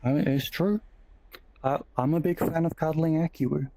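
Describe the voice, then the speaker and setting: A man co-streaming a game, chatting in a laid-back, deadpan joking way. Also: a little high, moderate pace, no echo, poor audio. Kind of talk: casual stream chat while gaming.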